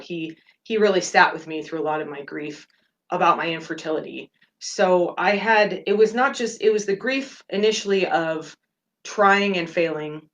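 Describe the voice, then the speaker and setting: Low-voiced woman hosting a reflective talk. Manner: earnest and open, speaks in halting phrases with fillers. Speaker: meditation podcast host.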